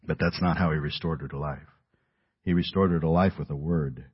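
A middle-aged man preaching a sermon in an earnest, emphatic way, dropping his voice low at key words. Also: steady tone, a little fast, breathy edge. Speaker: pastor. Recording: dull lo-fi audio.

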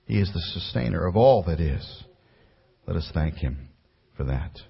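A man preaching a sermon as a pastor, building to emphatic peaks and then dropping low and quiet. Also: lively intonation, normal speed, creaky, long pauses, breathy edge. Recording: muffled recording with long hall reverb.

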